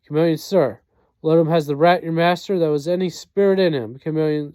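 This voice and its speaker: A man's voice: a little high, moderate pace, dark tone, no room sound. A man reading a play aloud, doing every part and reading out the speaker names and stage directions. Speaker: reader.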